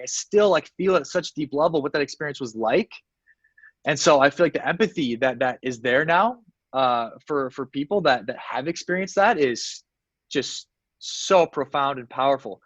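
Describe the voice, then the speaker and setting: A man's voice: a little high, fairly bright tone, dry recording, highs cut off. A man, a success coach guest in an interview, telling a personal story earnestly, with many fillers and restarts.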